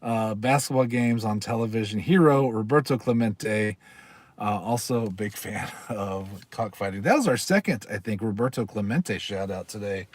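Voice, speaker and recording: A livestream host with a lowish voice rambles casually, reads things aloud, and chats with viewers, laughing often. He speaks at a moderate pace, and there's no echo.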